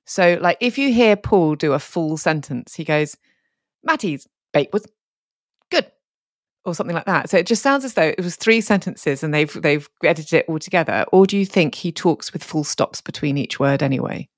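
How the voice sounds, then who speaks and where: Casting: low-pitched woman co-hosting a chatty podcast, laughing easily and trailing off, dry close sound. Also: expressive, brisk, hardly any pauses, no room sound. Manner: chatty, laughs often, trails off mid-sentence. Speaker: podcast co-host. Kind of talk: casual chat.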